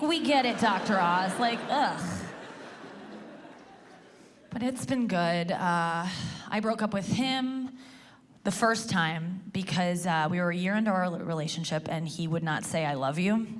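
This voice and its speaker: A woman in her thirties doing a stand-up comedy set on stage, chatty and self-deprecating, full of "like" and acted-out quotes. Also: medium pitch. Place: comedy stage before a live audience. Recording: live stage recording with audible room noise.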